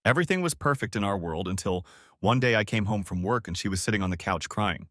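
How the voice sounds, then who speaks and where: Lively storytelling male audiobook narrator. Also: fairly low pitch, a little fast, no echo, clean studio sound. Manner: steady storytelling. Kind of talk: first-person audiobook narration.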